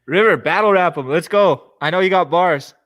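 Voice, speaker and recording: A man's voice: high voice, normal speed, a bit bright, no echo. A man hosting a casual podcast chat, laid-back and egging his guest on. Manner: laid-back, eggs the guest on, laughs often. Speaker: podcast host.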